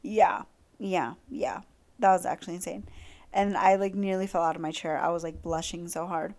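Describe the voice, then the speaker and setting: A young woman hosting a podcast, chatting casually in a gushing, excitable way with lots of fillers. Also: fairly low pitch, normal speed, creaky. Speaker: podcast host. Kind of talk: casual chat.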